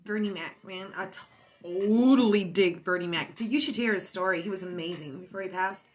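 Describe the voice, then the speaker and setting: A woman's voice: medium pitch, moderate pace. Stoned woman rambling on a livestream. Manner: rambling, boastful and giggly. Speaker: livestream host. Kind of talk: casual livestream chat.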